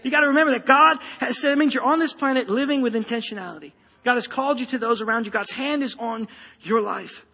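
A pastor preaches to his congregation in a church sanctuary, emphatic and rousing, addressing the listeners directly. His voice is very high and quick, bright and forceful, with some vocal fry. The long reverb of a large hall hangs on every word.

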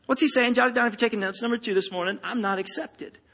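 High husky-voiced male pastor preaching, tense bright tone, big echoey church. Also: rapid-fire. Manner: emphatic, rousing, addresses congregation directly. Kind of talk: sermon. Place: church sanctuary. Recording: long reverb of a large hall.

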